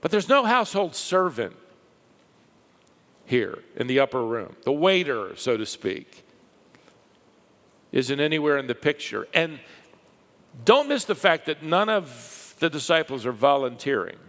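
A man preaching a sermon, telling stories with lively rises and a hushed drop for the quiet parts. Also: on the high side, unhurried, pauses often. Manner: lively storytelling, dropping to a hush for quiet lines. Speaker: pastor. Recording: long hall reverb.

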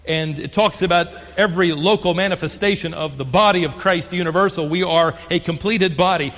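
An older American man preaching a sermon as pastor, stressing key words and slowing for emphasis. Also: high voice, fairly bright tone, in a large hall. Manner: emphatic, slows on key phrases.

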